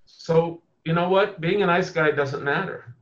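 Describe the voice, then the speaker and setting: Man playing a defiant tech founder, combative, swearing, a bit high-pitched, muffled lo-fi sound. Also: measured pace, natural voice. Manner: combative, emphatic, swears freely. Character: brash, blunt male tech visionary, proudly abrasive. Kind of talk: comedic impression interview. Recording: muffled lo-fi audio.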